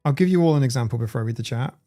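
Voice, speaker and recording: A man's voice: medium pitch, animated, racing, warm tone, faint music behind. A man hosting a casual livestream, rambling, swearing freely and reading the chat aloud. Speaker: livestream host.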